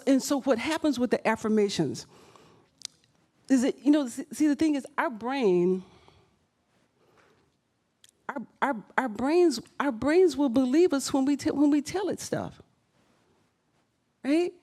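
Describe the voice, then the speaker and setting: Workshop leader, woman, high pitch, emphatic, repeats phrases as she speaks. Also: lively intonation, a little slow, pauses often, mellow. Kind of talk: live workshop talk. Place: event room.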